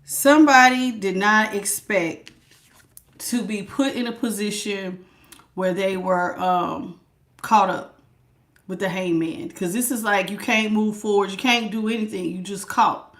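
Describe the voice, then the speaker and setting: A woman doing a casual live tarot reading, chatty and lively, calling her viewers baby and honey. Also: mid-range voice, unhurried. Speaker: tarot reader.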